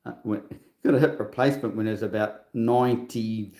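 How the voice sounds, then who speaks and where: A man's voice: fairly low pitch, fairly even intonation, fast, darkish tone, roomy sound. A man in his sixties hosting a livestream in a rambling, casual monologue, scornful and full of chatty asides. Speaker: livestream host.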